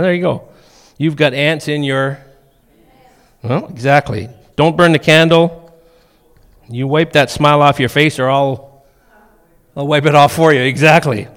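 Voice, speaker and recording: A middle-aged man preaching a sermon, telling funny stories in a lively way. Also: fairly high pitch. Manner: humorous storytelling, animated. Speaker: pastor. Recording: long reverb of a church hall.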